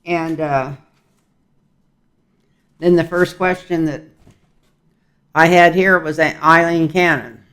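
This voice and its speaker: A man's voice: fairly high pitch, fairly even intonation, slow, pauses often, fairly bright tone, clean tone. Folksy older man rambling through a tarot reading. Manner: rambling, folksy, chuckling asides. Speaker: tarot reader. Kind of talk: casual tarot reading monologue.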